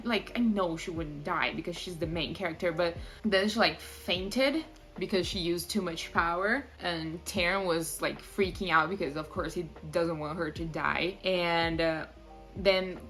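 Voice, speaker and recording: A young woman vlogging a casual book review, gushing and animated, full of "like" and quick laughs. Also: lowish voice.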